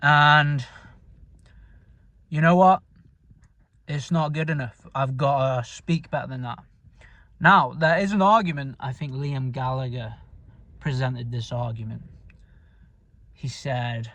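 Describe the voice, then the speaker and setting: A man's voice: medium pitch, steady tone, slow pace, long pauses, a bit bright, dry recording. A man with a northern English accent talks through a casual vlog. He is blunt and sweary, and he mumbles and rambles. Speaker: vlogger. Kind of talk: casual self-talk vlog.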